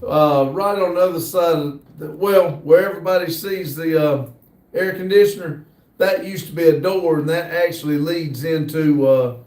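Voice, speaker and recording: An American man hosting a livestream, casually reading viewer comments aloud in an easygoing, hesitant way with many pauses. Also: a little high, darkish tone, far from the mic. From United States. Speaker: livestream host. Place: workshop building near a shop area. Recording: roomy sound, voice from off the mic.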